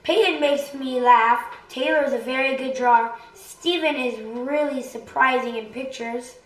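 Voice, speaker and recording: Family vlog host mom, playful fan-mail reader, unhurried, echoey room. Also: female voice, high voice. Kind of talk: reading fan mail aloud. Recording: roomy home echo.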